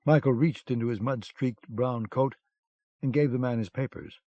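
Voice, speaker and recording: A man narrating an audiobook with a measured, dramatic reading, recorded on a dull lo-fi cassette. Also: mid-range voice, dark tone, dry recording.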